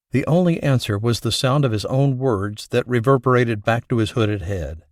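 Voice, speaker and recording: A male audiobook narrator telling a thriller in a steady, even way at a middle pitch. The recording is close and dry, with no room sound at all. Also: moderate pace, no echo. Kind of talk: scripted narration.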